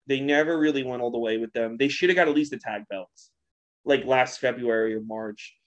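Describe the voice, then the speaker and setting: A man's voice: mid-range voice, fairly quick, highs cut off. A man in casual podcast chat, often restarting his sentences and swearing offhandedly. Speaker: podcast co-host.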